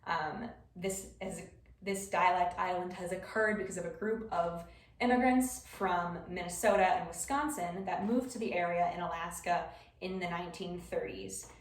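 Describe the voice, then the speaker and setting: A woman's voice: fairly low pitch, normal speed. Young woman presenting in a roomy space. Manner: explanatory, with scattered ums. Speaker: student presenter. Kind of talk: class presentation. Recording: roomy echo, voice far from the mic.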